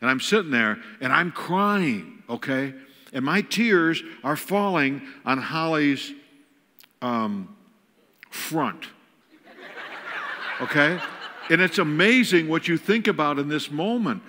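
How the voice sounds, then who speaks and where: Lively older man telling stories in a hall. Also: a little high, slow, pauses often, slight background noise. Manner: animated, self-mocking storyteller acting out scenes. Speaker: guest speaker. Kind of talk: humorous storytelling sermon. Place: large church auditorium. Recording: long hall reverb.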